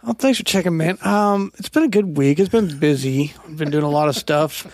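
A man co-hosting a podcast, joking in a deadpan, mock-formal way. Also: fairly high pitch, fairly quick, dry recording. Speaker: podcast co-host. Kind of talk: casual banter.

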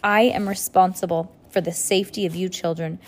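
A woman's voice: on the low side, fairly even intonation, fairly quick, lightly acted. A woman voicing Mr. Poe, a stiff, fussy grown man who speaks sternly and properly.

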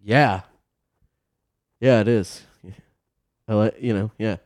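A man's voice: on the low side, slow, a little mellow, no echo, studio quality. A man co-hosting a podcast in casual chat, crude and joking, laughing often. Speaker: podcast co-host. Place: apartment.

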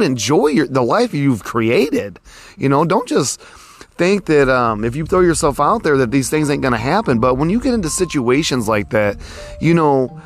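Rambling folksy man hosting an outdoor podcast. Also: a little high. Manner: rambling, folksy, lots of "you know" fillers. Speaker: podcast host. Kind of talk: casual podcast monologue. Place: outdoors near a road.

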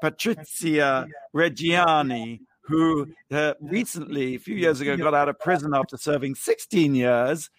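An animated man hosting a pop-culture chat, playful and campy in his storytelling. His voice sits a little high. The sound is dry and close. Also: a little slow, hardly any pauses, no room sound. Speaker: podcast co-host.

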